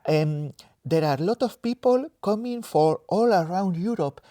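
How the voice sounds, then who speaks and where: A Spanish man with a mixed Spanish and French accent, a guest giving relaxed, self-deprecating answers and sometimes searching for words. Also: high voice, normal speed, no echo, studio quality. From Spain. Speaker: interview guest, developer advocate. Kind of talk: casual interview answers. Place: conference venue in a cinema.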